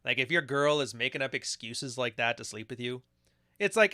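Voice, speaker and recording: A man's voice: mid-range voice, moderate pace, sharp tone. A man hosting a podcast, giving crude, joking commentary on video clips and laughing often. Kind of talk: casual reaction commentary.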